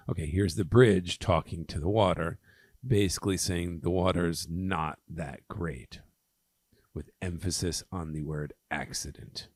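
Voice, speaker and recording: A man's voice: low voice, steady tone, measured pace, a little mellow, dry recording. A man tutoring, walking through a poem line by line, with frequent ums and okays as he explains. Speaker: test prep tutor. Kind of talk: poem walkthrough lesson.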